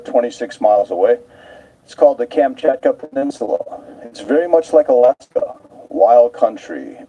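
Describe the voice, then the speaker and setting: A man narrating live aboard a cruise ship, telling stories at an unhurried pace and drawing out key words for emphasis. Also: medium pitch, mellow, rough recording. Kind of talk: live storytelling commentary.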